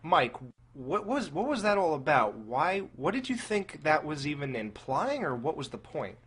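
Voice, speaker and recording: A man's voice: fairly high pitch, big pitch swings, moderate pace, fairly bright tone, husky. A man hosting a podcast in casual chat, rambling and asking hesitant questions. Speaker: podcast host.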